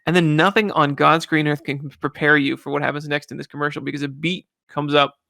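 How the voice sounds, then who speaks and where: A man hosting a podcast, telling animated stories and laughing often. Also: fairly high pitch, fairly quick, creaky, no echo, studio quality. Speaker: podcast host. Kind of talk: casual chat.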